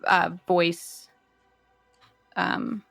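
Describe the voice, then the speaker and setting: A woman's voice: on the low side, flat delivery, very slow, creaky, a bit bright, faint music behind. A woman playing a tabletop game, searching for words with frequent fillers. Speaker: player. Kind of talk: casual tabletop game chat.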